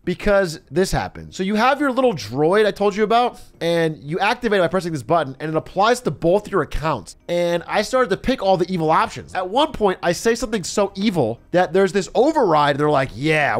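Male streamer, high-pitched and very lively, swears and laughs through casual storytelling. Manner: animated, laughing, swearing often.

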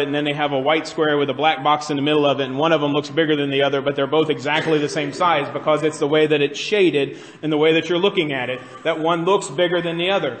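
A male pastor delivers a conversational sermon in a church sanctuary, frequently putting questions to the congregation. His voice is a little high and fairly bright, and the recording has the reverb of a church hall.

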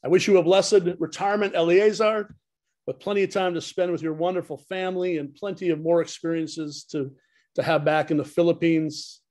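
Pastor, male, fairly high voice, telling stories in a heartfelt tribute. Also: steady tone, fairly quick, a little mellow. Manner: storytelling, heartfelt and humorous. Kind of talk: retirement tribute speech.

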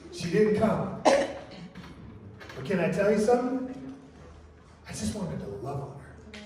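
Casual pastor preaching in an echoey church. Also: male voice, sits high, a little mellow, slight background noise. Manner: casual storytelling, says "man" and "right?" often. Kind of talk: sermon. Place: church sanctuary. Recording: echoey church hall from far off.

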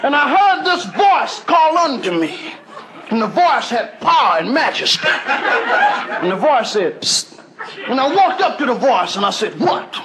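A man voicing a boastful old preacher who tells his story in a booming sermon cadence. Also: big pitch swings, a little slow, full character voice. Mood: preaching. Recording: loud noisy live stage recording.

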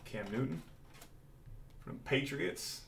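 A man hosting a live card-breaking stream, calling out each pull with hyped excitement. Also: mid-range voice, takes it slowly, creaky. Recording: roomy echo from mic distance, faint noise.

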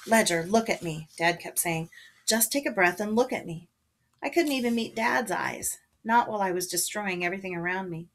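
A woman reading a children's novel aloud to her listeners, narrating with expression and voicing the characters. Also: mid-range voice. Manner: casual chat before reading, then expressive narration with voiced characters.

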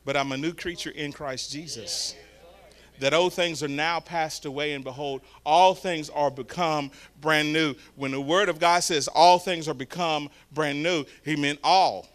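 A man preaching a storytelling sermon, swinging from hushed asides to loud shouts. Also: on the high side, steady tone, measured pace. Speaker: guest preacher. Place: church sanctuary.

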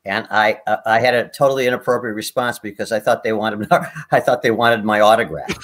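A man's voice: lowish voice, steady tone, a little fast, fairly bright tone, a little hiss or hum. Older man rambling through a story. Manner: rambling, many restarts, laughs at own stories. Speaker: guest performer. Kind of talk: anecdotal storytelling.

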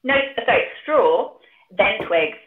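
A woman author chatting and reading aloud in a lively, animated way during an online conversation. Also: mid-range voice, takes it slowly. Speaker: author and guest. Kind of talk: casual chat and reading aloud. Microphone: video call. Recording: echoey, tinny call audio.

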